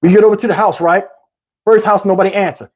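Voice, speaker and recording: A middle-aged YouTube storyteller tells a personal story casually in an animated, streetwise style, tossing in plenty of "you know what I'm saying." His voice is high and fast.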